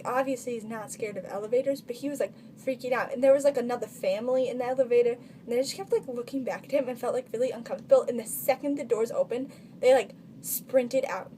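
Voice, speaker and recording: A woman's voice: on the high side, dark tone, a little hiss or hum. A teenage girl telling funny stories in a casual vlog, chatty and full of filler words. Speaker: vlogger.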